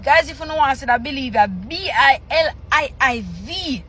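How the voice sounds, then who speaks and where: A woman's voice: high-pitched, animated, moderate pace, few pauses, bright, forceful tone, poor audio. A Jamaican woman chatting casually in a reaction video, reading aloud with exasperated, teasing remarks.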